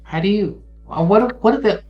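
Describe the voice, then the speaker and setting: A man's voice: high-pitched, brisk, dull audio, soft background music. A man co-hosting a casual tarot livestream, chatty and reading out viewers' names. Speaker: tarot reader co-host.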